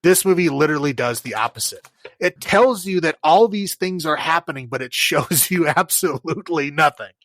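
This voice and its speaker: A man's voice: fairly high pitch, animated, normal speed, fairly bright tone, dry recording. A man co-hosting a podcast, chatting casually about a movie in a rambling way, full of fillers and frequent laughs. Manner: rambling, many fillers, laughs while criticizing. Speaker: podcast co-host. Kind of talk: casual movie review chat.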